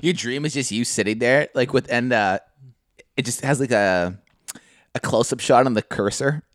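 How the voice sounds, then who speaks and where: A man's voice: medium pitch, moderate pace, dry recording. Young guy on a podcast, laughy storyteller, dry close mic. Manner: loose, laughing storyteller, swearing, acts out quotes. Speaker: podcast co-host. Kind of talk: casual chat.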